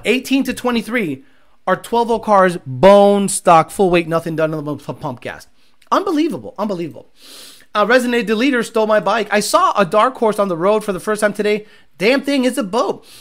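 A man's voice: high-pitched, fairly bright tone. A man who owns a car tuning shop, ranting bluntly and with profanity while hosting a live show. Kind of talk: casual ranting livestream.

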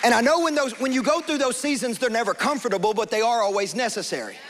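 Young pastor, high voice, lively storytelling sermon. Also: male voice, quick pace, a faint crowd, slight background noise. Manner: storytelling, animated, acts out quoted voices.

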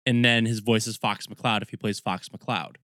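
A man's voice: fairly low pitch, fairly even intonation, moderate pace, fairly bright tone, dry recording, studio quality. A man co-hosting a podcast in casual chat, steadily running the segments and giving his opinions. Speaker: podcast co-host.

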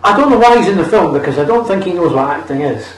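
A man with a fairly high voice makes crude, mocking remarks about a bad film in a casual chat. The room is echoey, and he is some distance from the mic. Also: expressive, quick pace. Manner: crude, mocking, chuckling asides. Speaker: podcast co-host.

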